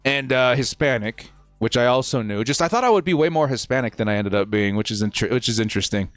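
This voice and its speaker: A man's voice: mid-range voice, animated, fast talker, no echo, soft background music. A young man casually chatting with his viewers while hosting a live football watch-party stream, answering their questions in a laid-back way.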